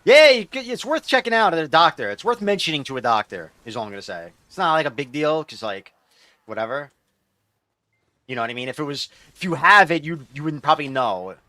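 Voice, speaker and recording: A man's voice: a little high, expressive, a little fast, pushed and bright, no room sound. A man streaming a game, chatting casually with viewers in a rambling, loose way and reading chat aloud.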